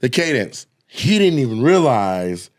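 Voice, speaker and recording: A man co-hosting a podcast, telling a profane, animated story and acting out scenes with sound effects. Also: medium pitch, unhurried. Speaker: podcast co-host, comedian. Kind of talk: casual storytelling chat.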